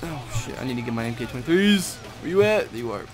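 A young man casually commentating a shooter game, swearing and shouting at enemies as he plays. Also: medium pitch, animated, fast talker. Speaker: gameplay commentator. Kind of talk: casual gaming chat. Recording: game audio behind with clear gunfire noise.

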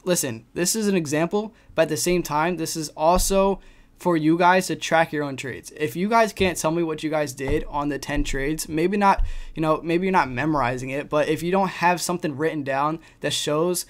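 A young man explaining trading risk in a casual screen-share lesson, tossing in "right?" and "you know" a lot. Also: a little high. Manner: talks fast with frequent "right?" and "you know" fillers. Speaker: trading educator.

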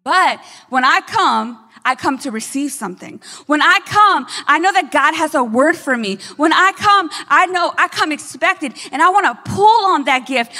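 High-voiced woman pastor preaching, reverberant hall. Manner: energetic preaching with frequent "right?" asides. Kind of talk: sermon.

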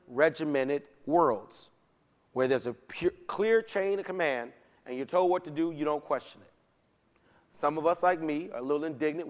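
A man, a pastor, teaching a Bible study in a conversational, folksy way. He keeps checking in with his listeners and slips into casual slang. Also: a little high. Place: church sanctuary. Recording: long church hall reverb.

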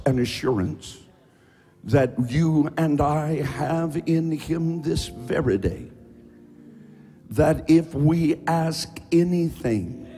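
A man pastor preaching a sermon, building to sung, shouted cadences with repeated rhetorical questions, in a church with music behind. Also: fairly high pitch, slightly rough. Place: church sanctuary.

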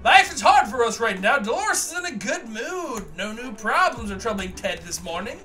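A man's voice: very high-pitched, big pitch swings, normal speed, sharp tone, soft background music. A man hosting a let's play of a survival game, reading its text aloud with mock drama and joking at his own slips. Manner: jokey, reads game text with mock drama, laughs at himself.

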